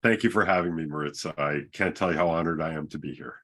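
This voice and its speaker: A man's voice: extremely low pitch, fast talker, fairly bright tone. A middle-aged man from Canada, a podcast guest, telling his own story frankly with wry, self-deprecating humor. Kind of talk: candid personal storytelling.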